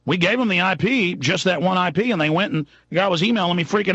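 A male radio show host delivering an impassioned, rambling monologue that shifts between low mutters and shouts. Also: animated, fast talker, few pauses, no echo. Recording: dry, dull lo-fi recording.

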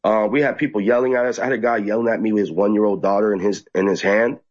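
Man, low husky voice, animated storytelling, mocking high-pitched impressions, muffled lo-fi sound. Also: fast talker. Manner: animated, mocks others in high squeaky voices. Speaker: activist guest. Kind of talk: casual storytelling interview.

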